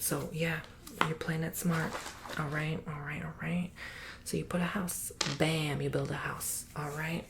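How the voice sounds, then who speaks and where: A man's voice: fairly high pitch, steady tone, measured pace, creaky, noisy background. A man teaching a board game in a whispered ASMR tutorial, playful and sassy, calling the listener honey. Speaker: ASMR creator.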